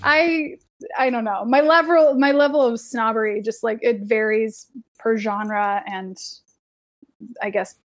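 Chatty young woman, slightly high voice. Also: fairly even intonation, unhurried. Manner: chatty, heavy on filler words, laughs often. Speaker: podcast co-host. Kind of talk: casual chat.

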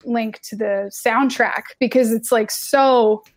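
A young woman with a slightly high voice talks loosely on a podcast. She leans on filler words and breaks into laughter often. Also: steady tone, slow. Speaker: podcast co-host. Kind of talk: casual chat.

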